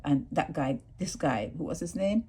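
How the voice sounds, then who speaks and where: Husky woman sounding off. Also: low-pitched, moderate pace. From Barbados. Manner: animated, indignant, talks straight to viewers. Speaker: vlogger. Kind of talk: opinionated news commentary.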